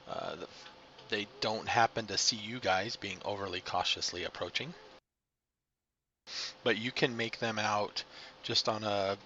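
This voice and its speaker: A man narrates as game master of a tabletop role-playing game, pausing and filling as he describes the scene. His voice is bright and clear-edged. The recording sounds slightly muffled, with a faint hiss underneath. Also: lowish voice, steady tone. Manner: halting, descriptive narration with fillers.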